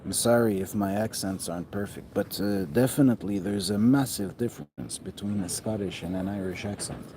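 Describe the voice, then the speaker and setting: A man's voice: on the low side, fairly quick, mellow. A man talking in a rambling, profane monologue that often trails off mid-thought. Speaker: vlogger. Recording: noticeable background noise.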